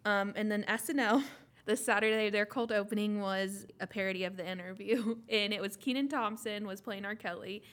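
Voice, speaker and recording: A young woman co-hosting a casual podcast chat, animated and laughing as she acts out quotes. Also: mid-range voice, moderate pace. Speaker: podcast co-host.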